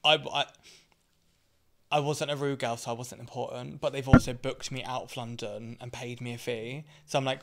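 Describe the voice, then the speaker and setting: A British man with a mid-range voice speaks at a moderate pace, co-hosting a casual podcast chat. He's a drag performer who tells stories in an animated way, sprinkling in plenty of "like".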